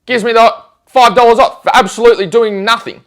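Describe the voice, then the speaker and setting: A man telling stories in a casual chat, animated and acting out the conversations he describes. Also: very high voice, fairly quick. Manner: animated, acts out conversations in quoted voices.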